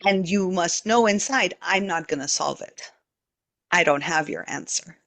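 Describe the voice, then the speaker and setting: Brief: earnest guest with a bright, forceful tone, explaining calmly. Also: mid-range voice, unhurried, creaky. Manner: earnest, explanatory, guides visualizations. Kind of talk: casual spiritual chat.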